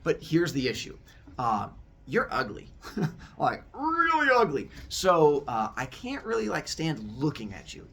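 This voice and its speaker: A man's voice: fairly high pitch, a little slow, vocal fry, recorded from a distance, heavily acted. A man voicing a blunt, impatient young king of the gods in a told story. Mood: brash. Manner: blunt, excitable, rude.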